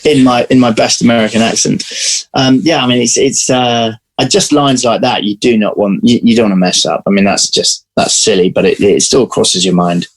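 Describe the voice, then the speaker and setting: A man being interviewed as an actor, telling lively anecdotes in casual chat over a video call. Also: mid-range voice, moderate pace, rough recording. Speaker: actor guest.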